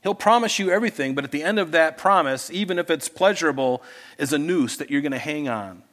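A man preaching a sermon to a congregation in church, earnest and pleading, swinging between loud urging and soft asides. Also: fairly high pitch, expressive, fast talker. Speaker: pastor.

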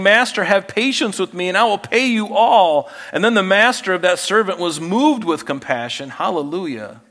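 A man's voice: on the high side, fairly bright tone, big-room sound. A man pastor preaching a sermon, reading scripture aloud and teaching with folksy asides and self-corrections.

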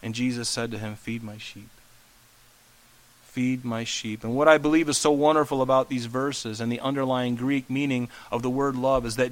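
A male pastor preaches an expository sermon in a conversational way, often putting questions to the congregation. His voice sits high and a bit bright, and the recording is rough.

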